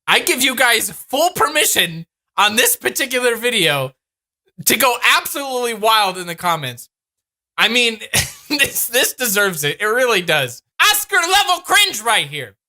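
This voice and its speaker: Youtuber guy ranting about clips, super bright sharp voice, sarcastic and fed up. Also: high-pitched, big pitch swings, unhurried. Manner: sarcastic, exasperated, laughing at what he watches. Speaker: YouTube commentator. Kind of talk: comedic reaction commentary.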